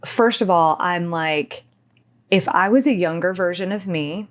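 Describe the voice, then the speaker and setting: A woman's voice: fairly low pitch, unhurried. A woman co-hosting a podcast, telling a personal story candidly and animatedly, sometimes dropping almost to a whisper. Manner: animated, acts out quoted dialogue, drops to near whispers. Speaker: podcast co-host.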